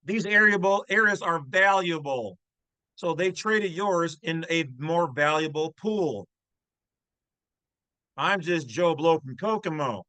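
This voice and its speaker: Loud folksy guy ranting, high bright voice, dry sound. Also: lively intonation, slow pace, smooth, dry recording, rough recording. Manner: brash, folksy, preachy, slangy. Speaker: channel host. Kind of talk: casual commentary on a read-aloud text.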